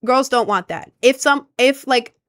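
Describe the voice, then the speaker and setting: A young adult woman livestreaming in a casual, rambling chat, giving frank and animated advice with many fillers. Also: high-pitched, a little slow, dry recording. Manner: chatty and rambling, heavy on filler words.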